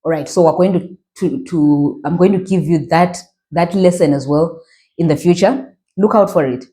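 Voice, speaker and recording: A woman's voice: on the low side, normal speed, mellow. A woman with a Zimbabwean accent teaching a language lesson, patiently repeating phrases and checking in with her learners.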